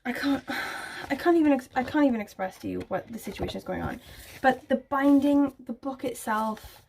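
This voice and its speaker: A woman's voice: high voice, lively intonation, moderate pace, gravelly, a little mellow, a little hiss or hum. A young woman chatting casually to camera about books, gushing and full of filler words. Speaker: book vlogger.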